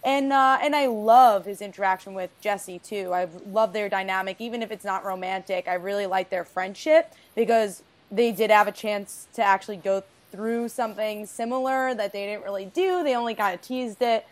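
Female podcast guest, upbeat and conversational, mid pitch. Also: moderate pace, few pauses. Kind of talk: casual podcast discussion.

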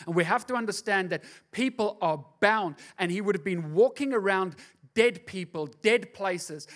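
A middle-aged pastor with a high voice preaches a sermon. He tells the story in a plain, conversational way, then builds to loud, fervent exhortation.

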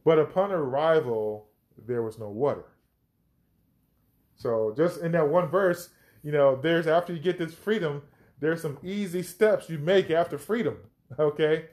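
A man's voice: a little high, measured pace, a little mellow. A man hosting a podcast, teaching from the Bible with emphatic, reflective commentary as he reads scripture aloud.

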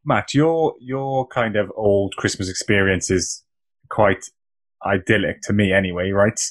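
A man's voice: fairly low pitch, a little slow. A man co-hosting a casual podcast, laughing along and asking his co-hosts questions. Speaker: podcast co-host, soon-to-be father.

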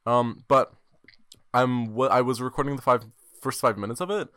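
A seventeen-year-old boy hosts a solo podcast, chatting casually into a desk microphone in a rambling, jokey and self-mocking way. His mid-range voice is steady, moderately paced, fairly bright and clean. The studio-quality recording has no room sound.

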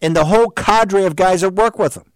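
Male host, heated combative monologue, slightly high voice, dry close sound. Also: dry recording. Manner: rapid-fire rhetorical questions. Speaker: talk show host. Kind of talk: political talk show monologue.

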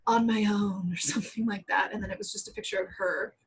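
A woman's voice: mid-range voice, fast talker, husky. A woman co-hosting a casual chat, telling a story and acting out the people in it with big swings of voice. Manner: animated, acts out quoted people with big voice swings. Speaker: podcast co-host.

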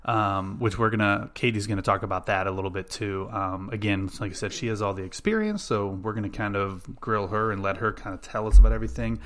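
A man's voice: on the low side, a little fast, hardly any pauses, a bit bright. A man hosting a podcast, chatting casually and enthusiastically with lots of fillers. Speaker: podcast host. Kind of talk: casual chat.

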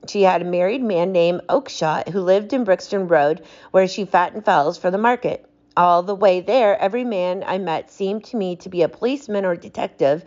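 A woman's voice: medium pitch, a little mellow, muffled recording, natural voice. A woman voicing a frightened, pleading thief. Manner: pleading, shaky, desperate. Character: frightened male hotel thief, cringing.

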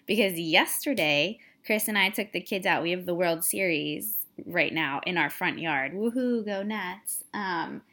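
A woman's voice: on the low side, a little slow, hardly any pauses. A woman in her thirties chatting casually as a podcast co-host, candidly telling a story about her family and acting out both sides of a spat. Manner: candid, animated storytelling, mimics her husband. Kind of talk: casual chat.

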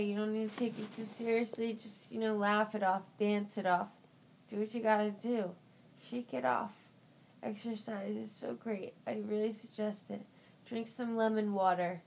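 A woman's voice: mid-range voice, moderate pace, a little mellow, low-quality recording. Woman rambling on her morning podcast, chatty and upbeat, lots of likes and you knows. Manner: chatty, upbeat, full of "like" and "you know", encouraging. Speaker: podcast host.

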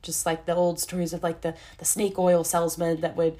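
Youngish woman rambling on her own podcast, kinda low voice, laughs at herself. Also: flat delivery, moderate pace, darkish tone. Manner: candid, rambling, self-interrupting with laughs. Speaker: podcast host. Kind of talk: casual solo podcast monologue.

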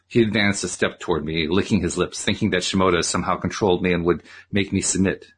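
A man reading a novel aloud as host, in an expressive, animated style. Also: sits low, fast, few pauses, breathy edge. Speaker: audiobook reader and podcast host.

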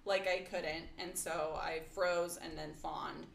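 A woman's voice: sits low, steady tone, slow, creaky. A woman co-hosting a casual podcast, chatting and telling a story, laughing often and slipping into impressions. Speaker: podcast co-host. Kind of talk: casual chat. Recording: quiet amateur recording, roomy.

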